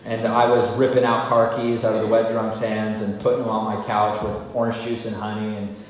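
A man's voice: lowish voice, little pitch movement, a little fast. A man speaking candidly at a recovery meeting, telling his own story in a confessional, self-mocking way. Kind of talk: personal recovery story talk. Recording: echoey hall with faint noise.

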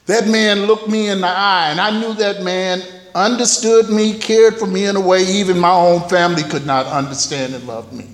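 A man's voice: sits high, steady tone, moderate pace, hardly any pauses. A man telling his own recovery story at a meeting, candid and humorous, in a folksy voice. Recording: echoey hall, heard from a distance.

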